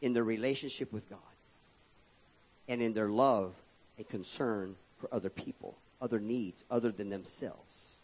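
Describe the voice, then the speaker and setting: A man preaching a sermon as pastor, calling out to his congregation and swinging between pressing emphasis and quieter asides. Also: on the low side, normal speed, highs cut off. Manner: preaching with rising and falling emphasis, addressing the congregation as folks.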